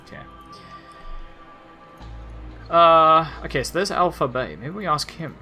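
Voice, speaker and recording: A young Australian man plays through a game, reading its dialogue aloud and talking over it. His voice is bright and lively. Faint game music plays behind him. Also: a little high, measured pace. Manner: lively, reads all characters aloud. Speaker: let's play gamer.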